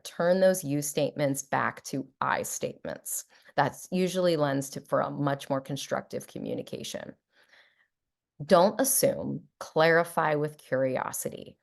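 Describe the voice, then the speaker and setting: A middle-aged woman psychologist giving a talk, playful and warm, often acting out example phrases in a lighter voice. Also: sits low, expressive, a little slow, gravelly. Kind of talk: presentation to an audience.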